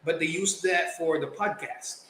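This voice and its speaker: A young man from the Philippines, a guest artist telling stories in casual chat, animated and slangy. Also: fairly high pitch, measured pace. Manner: animated, slangy, acts out quotes. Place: podcast studio. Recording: roomy echo, faint background noise.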